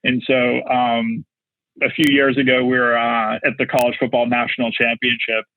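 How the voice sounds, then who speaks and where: A man's voice: mid-range voice, little pitch movement, moderate pace, dry recording. Rambling man with muffled dry sound. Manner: rambling, heavy use of "like" and "you know". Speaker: marketing executive guest. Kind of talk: casual anecdote telling.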